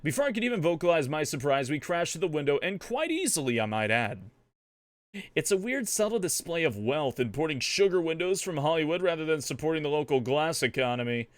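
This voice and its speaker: A streamer man narrating as a sarcastic young woman, with wry, deadpan asides over faint music. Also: fairly high pitch, fairly quick, dry recording. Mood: snarky. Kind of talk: comedic in-character narration.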